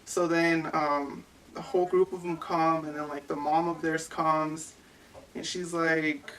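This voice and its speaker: A young adult woman giving personal testimony as an interviewee, halting and full of "like" fillers. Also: sits low, little pitch movement, a little hiss or hum. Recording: distant mic with faint ambience.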